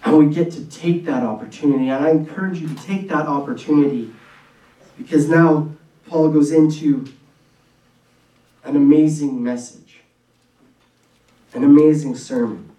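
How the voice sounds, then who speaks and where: A man preaching a sermon in an earnest, conversational way, with quick bursts and restarts, recorded in a church hall. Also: on the high side, mellow. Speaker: pastor. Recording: echoey room from a distance.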